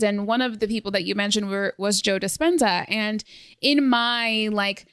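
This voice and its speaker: A young woman hosting a podcast in casual conversation, lively and fond of acting out what others said to her. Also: mid-range voice, moderate pace, clear, resonant tone, no room sound, studio quality. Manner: animated, acts out quoted exchanges. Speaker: podcast host. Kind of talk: casual interview chat.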